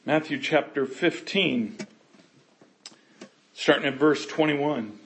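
A man preaching a sermon, earnest, swinging between loud passages and hushed ones. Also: sits high, measured pace, echoey room. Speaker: pastor.

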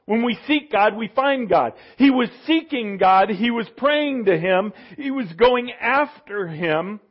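A man's voice: sits high, animated, measured pace, dull audio. A man preaching a conversational sermon, leaning on asides and rhetorical questions to his listeners. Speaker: pastor.

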